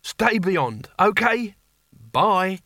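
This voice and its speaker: A man voicing a slick, busy male genie who talks in breezy, drawn-out sales patter. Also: high-pitched, sing-song, sharp tone, no echo, studio quality, voice pushed up, exaggerated voice.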